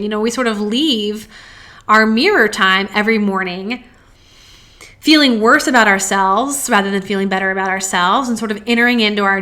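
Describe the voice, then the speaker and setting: A woman hosting a self-help podcast, talking earnestly, slowing down to stress key phrases and posing strings of rhetorical questions. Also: medium pitch, pushed and bright. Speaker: podcast host.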